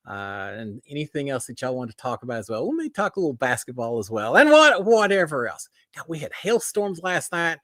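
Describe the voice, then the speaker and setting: A man's voice: mid-range voice, bright, forceful tone, no room sound, clean studio sound. A middle-aged man with a Texan accent hosting a casual live stream, folksy and upbeat as he greets viewers by name. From Texas. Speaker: host of a live reality TV chat stream.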